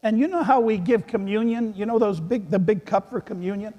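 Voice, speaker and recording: A man, a priest, giving a gentle children's sermon in a church, telling a story and chuckling with the kids. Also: sits high, a little fast. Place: large church. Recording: echoey church hall.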